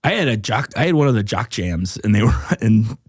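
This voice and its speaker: A man's voice: lowish voice, animated, fairly quick, husky, no echo, clean studio sound. A man hosting a comedy podcast, chatting loosely, rambling and laughing often. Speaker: podcast host. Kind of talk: casual comedy podcast chat.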